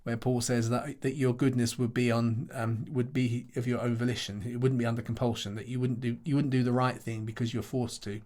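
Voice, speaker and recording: A middle-aged man speaks as a pastor taking questions after a talk. He thinks aloud, stumbles over repeated words and chuckles now and then. His voice sits at an ordinary middle pitch. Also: level tone, a little mellow. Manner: thoughtful, halting, many restarts and repeated words, chuckles often. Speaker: pastor and Bible teacher. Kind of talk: conversational Q&A answer after a teaching session.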